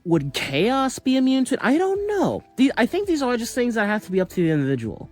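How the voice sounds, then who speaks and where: A man's voice: extremely high pitch, huge pitch swings, fairly quick, a little mellow, soft background music. A man musing aloud in a casual, speculative monologue, rambling with lots of fillers and restarts. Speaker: commentator.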